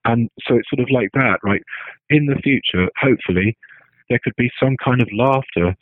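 A man's voice: medium pitch, normal speed, no room sound. A man giving a talk, thinking aloud with frequent restarts and tagging his points with "right?". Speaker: speaker. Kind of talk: lecture-style talk. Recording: dry tinny phone-like sound.

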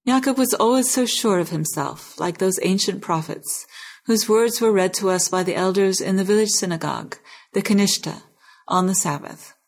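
A woman who hosts the interview, reading a novel excerpt aloud in a measured, expressive way. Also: medium pitch. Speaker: interview host and reader.

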